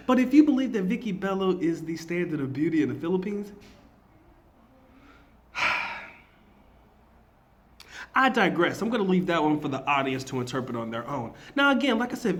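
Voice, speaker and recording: A man's voice: fairly high pitch, fairly bright tone. A man, a marketing teacher, giving a slangy, casual reaction commentary, emphatic and often laughing.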